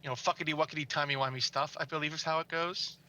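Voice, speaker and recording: A man's voice: fairly high pitch, fairly even intonation, fast talker, sharp tone. A man streaming a game in casual chat, playful, swearing freely and humming nonsense syllables.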